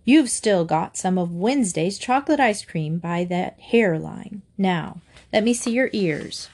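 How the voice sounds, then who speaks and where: Brisk no-nonsense mother, firm, busy, as a woman reads her. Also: on the low side, lively intonation, darkish tone.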